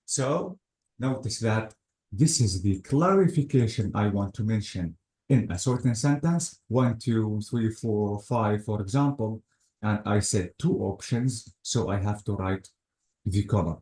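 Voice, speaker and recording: Low, mellow-voiced man teaching grammar. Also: animated, measured pace. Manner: methodical, repeats cue words like "notice" and "absolutely". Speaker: English teacher. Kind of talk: classroom grammar explanation. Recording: echoey room.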